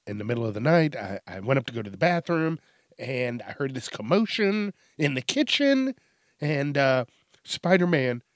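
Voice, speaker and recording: A man's voice: mid-range voice, no echo, clean studio sound. A man playing a distraught, stammering fellow who complains crudely that superheroes wrecked his house, in a comedy sketch.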